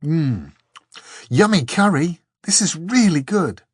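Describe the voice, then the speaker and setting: A man voicing a lively, cheerful young woman in an audiobook. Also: mid-range voice, normal speed, dry recording, clean studio sound, pitched above the performer's own voice, close to an everyday voice. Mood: eager. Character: bright eager young woman.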